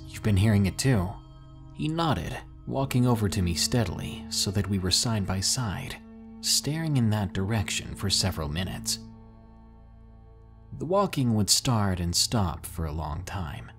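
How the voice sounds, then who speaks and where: A man narrating scary stories in a dramatic, drawn-out way, pausing for suspense. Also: on the low side. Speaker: horror story narrator. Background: faint music.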